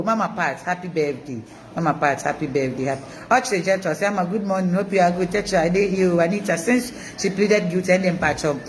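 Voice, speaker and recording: Ghanaian lady hosting a live stream, lively and chanty, switching between twi and english. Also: on the low side. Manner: animated, mixes Twi and English, chants repeated words. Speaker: host of an online news channel. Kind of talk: live-stream commentary reading viewer comments.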